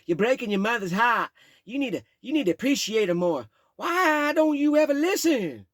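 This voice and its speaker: A man voicing a drunk man who lectures a boy in a loud rant. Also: extremely high pitch, very animated, moderate pace, no echo, studio quality, voice pushed up, heavily acted. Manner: ranting, lecturing. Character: drunk ranting man, the mother's boyfriend.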